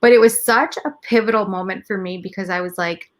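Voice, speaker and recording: A woman's voice: medium pitch, brisk. A woman in her thirties, a mother speaking as a guest in a casual couch conversation, telling stories candidly and animatedly.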